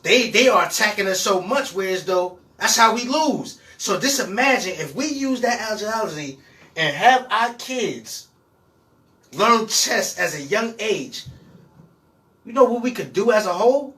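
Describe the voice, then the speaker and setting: A man's voice: high-pitched, lively intonation, a little slow, pushed and bright, recorded from a distance, poor audio. A man guest on a casual podcast, explaining his point in an emphatic, repetitive way.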